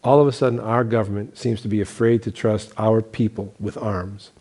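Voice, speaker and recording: A man's voice: fairly low pitch, steady tone, normal speed, dark tone. A middle-aged man, a pastor, teaching a Bible college class in a sermon style, emphatic and repetitive, firing off rhetorical questions and stumbling over restarts. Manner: emphatic, repeats key phrases, asks rhetorical questions.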